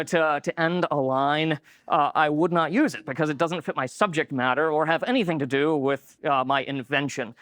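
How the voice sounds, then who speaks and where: A man's voice: fairly high pitch, a bit bright, dry recording, clean studio sound. A man giving a conference lecture in a conversational way, with many filler words. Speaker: conference speaker. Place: lecture room.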